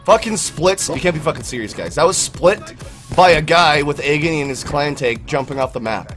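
A young man giving profane, excitable live commentary on his own gameplay, with sudden yelled outbursts. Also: fairly high pitch, fairly quick, faint music behind. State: out of breath. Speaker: gaming channel host.

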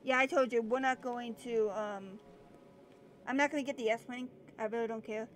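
A woman's voice: a little high, fairly even intonation, moderate pace, a little hiss or hum. A woman giving casual, chatty commentary while playing a video game, sometimes calling out to the characters on screen. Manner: chatty, talks to on-screen characters, cries out in bursts. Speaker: let's play gamer.

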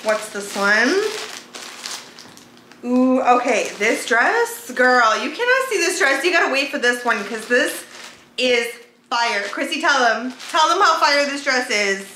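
A woman vlogger chatting casually to her viewers in an excitable, chatty way, swearing now and then. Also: high voice, unhurried. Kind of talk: casual haul vlog chat. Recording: echoey room with faint background noise.

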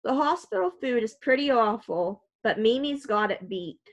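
A woman's voice: on the high side, sing-song, moderate pace, highs cut off. A woman voicing a fussy, bustling older grandmother in a storybook reading. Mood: fussing. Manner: fussing, bossy.

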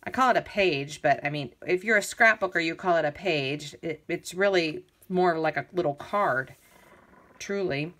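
A woman's voice: lowish voice, normal speed, fairly bright tone. A woman casually walking through a handmade scrapbook album, chatty and enthusiastic with lots of ums and restarts. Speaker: crafter demonstrating a scrapbook album. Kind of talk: casual show-and-tell tutorial.

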